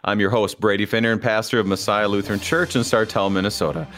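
A man's voice: on the low side, steady tone, fast talker, fairly bright tone. A man hosting a religious radio talk show, prompting his guest briefly and steadily. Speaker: radio host, pastor. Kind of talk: radio interview.

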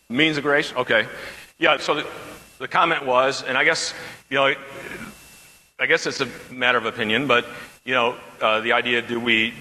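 A man's voice: medium pitch, bright, forceful tone, big-room sound, poor audio. A man teaching a Bible class as a pastor, talking conversationally and repeating questions from the class.

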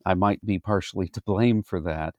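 A man who is a pastor, teaching a Bible study in a deliberate, explanatory way. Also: low-pitched, no echo, studio quality.

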